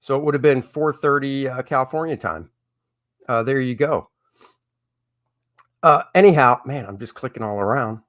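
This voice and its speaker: A man's voice: medium pitch, normal speed, pauses often, fairly bright tone. A middle-aged man hosting a casual live stream as a comic artist, talking in a candid, opinionated and rambling way.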